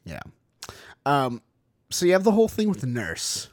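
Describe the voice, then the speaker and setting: A man's voice: fairly high pitch, huge pitch swings, normal speed, no room sound, studio quality. A young man co-hosting a podcast, chatting casually and animatedly, full of "like" and "dude", acting out quotes. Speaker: podcast co-host. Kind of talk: casual chat about a horror film.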